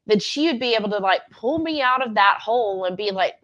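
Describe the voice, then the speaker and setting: A woman's voice: mid-range voice, animated, a little fast, hardly any pauses, fairly bright tone, highs cut off. A woman co-hosting a livestream, chatting candidly in a rambling, self-correcting way. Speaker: livestream co-host. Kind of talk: casual chat.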